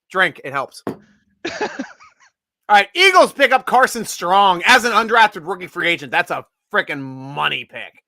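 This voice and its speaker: A man's voice: high voice, sing-song, measured pace, creaky, long pauses, bright, forceful tone, dry recording. A man hosting a casual sports draft show, joking and rambling, laughing often. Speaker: podcast host.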